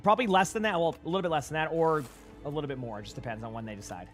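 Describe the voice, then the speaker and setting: A man's voice: fairly high pitch, rapid-fire, music in the background. A young man with a Boston accent giving casual, rambling live-stream commentary while playing and chatting with viewers on a headset mic.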